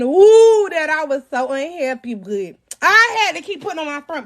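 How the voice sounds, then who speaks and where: Woman, high voice, blunt and profane, storytime vlog. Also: big pitch swings, unhurried, few pauses, slight background noise. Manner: blunt, profane, dramatic retelling with shouts.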